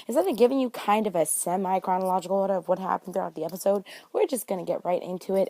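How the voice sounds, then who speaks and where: A woman's voice: lowish voice, no room sound. A young woman vlogger talking through a TV episode recap in a casual, chatty way, full of slang and playful drama. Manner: chatty, dramatic, slangy, acts out scenes in quoted voices. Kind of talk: casual animated recap chat.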